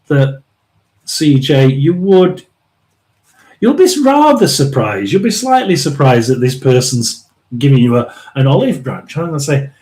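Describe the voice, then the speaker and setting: A man hosting a live tarot reading, rambling and emphatic, often restarting and clearing his throat. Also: mid-range voice, big pitch swings, darkish tone, poor audio. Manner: chatty and emphatic, drawn-out stresses. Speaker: tarot reader and live stream host.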